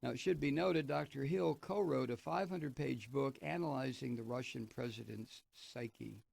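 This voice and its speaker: A man's voice: mid-range voice, normal speed, creaky, a little mellow, dry recording. A man hosting a radio talk show, reading a news piece aloud and breaking off into sardonic, profane commentary. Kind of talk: political commentary, reading and remarking on an article.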